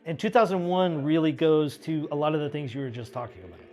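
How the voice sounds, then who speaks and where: A man's voice: on the high side, lively intonation, fast talker, darkish tone. A man being interviewed as a guest, explaining his views in a thoughtful way. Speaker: guest, comic book author. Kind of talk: casual interview chat.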